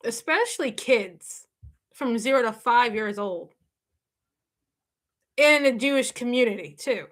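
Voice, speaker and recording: Bright high-voiced woman chatting on stream. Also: expressive, a little slow, pauses often. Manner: emphatic, repeats herself, laughs often. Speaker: live stream host. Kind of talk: casual reaction chat with viewers.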